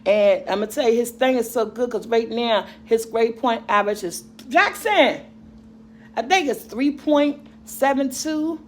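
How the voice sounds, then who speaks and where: A woman's voice: on the high side, normal speed, hardly any pauses, a little mellow. A middle-aged woman vlogger and mother, chatting casually and rambling to her viewers about their comments, laughing often.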